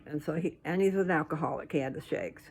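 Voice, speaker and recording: A woman's voice: deep voice, fast, a little mellow, slightly rough. Blunt scolding older woman. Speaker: vlogger. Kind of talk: casual rant to camera.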